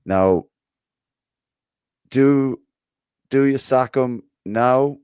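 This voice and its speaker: A man's voice: medium pitch, very slow, darkish tone, smooth, dry recording. A man hosting a football fan podcast in casual chat, reading out listener comments and swearing freely. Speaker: podcast host.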